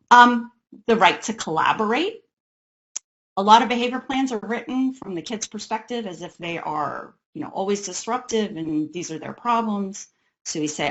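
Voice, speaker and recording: A woman's voice: mid-range voice, highs cut off. A woman, the parent of an autistic son, giving an educational talk on autism care in a conversational way, acting out the voices of parents and kids.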